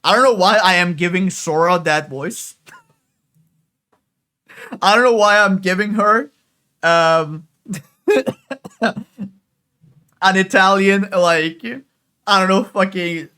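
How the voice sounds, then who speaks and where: A man's voice: high voice, slow, long pauses, pushed and bright, clean tone. A man streaming live, reacting to and reading a game story, casual and laughing, swearing freely.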